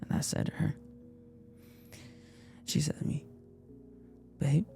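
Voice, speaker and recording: A young man retelling a personal story in an emotional, halting way, repeating himself often. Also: darkish tone, faint music behind. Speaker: casting participant.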